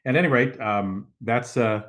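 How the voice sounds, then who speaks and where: A man's voice: mid-range voice, measured pace, a bit bright. An older man hosting a casual show from his living room over a video call, rambling with many fillers and restarts. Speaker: host. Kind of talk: casual live-stream talk. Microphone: video call setup.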